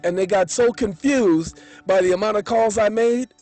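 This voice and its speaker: A man's voice: high-pitched, normal speed, a little mellow, soft background music. A man vlogging from his car, telling a rambling story in an indignant, boastful way. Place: in his car, parked in a driveway. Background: car radio song playing.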